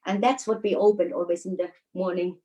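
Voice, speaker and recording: A woman's voice: on the low side, steady tone, fairly quick, mellow, poor audio. Finnish woman telling stories, laughing. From Finland. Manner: storytelling with frequent laughs and hesitations. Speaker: guest, dancer. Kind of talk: casual interview chat.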